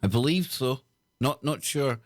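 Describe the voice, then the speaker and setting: A man hosting a casual livestream chat, talking in an excitable, slangy way. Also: medium pitch, a little slow, dry recording, clean studio sound. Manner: excitable, loud laughs, slang-heavy. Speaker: host.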